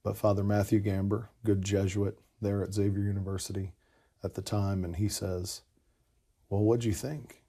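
A man's voice: fairly low pitch, completely flat delivery, moderate pace, warm tone, breathy edge. A man in casual conversation, earnestly telling a personal story with lots of "you know" asides. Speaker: podcast guest telling his conversion story.

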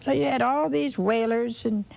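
A woman preaching a sermon, telling a scripture story slowly and expressively with dramatic repetition. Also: on the high side, creaky, darkish tone.

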